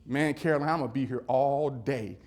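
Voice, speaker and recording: A man voicing a cocky young high school linebacker who taunts his opponent. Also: a little fast, a little mellow, natural voice. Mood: taunting. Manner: taunting, boastful.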